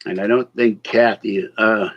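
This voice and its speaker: Hosting a casual livestream, a man rambles along with chuckling asides to chat, a slight slur in his speech from missing teeth. His voice is lowish and steady, a little slow, and the audio sounds dull.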